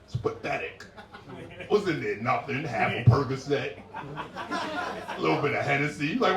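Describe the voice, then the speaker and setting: A man doing a stand-up set, animated and jumping into high-pitched impressions of women, with crowd work. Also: moderate pace, long pauses. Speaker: stand-up comedian. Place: comedy club stage. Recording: roomy live club sound heard from a distance. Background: laughing audience.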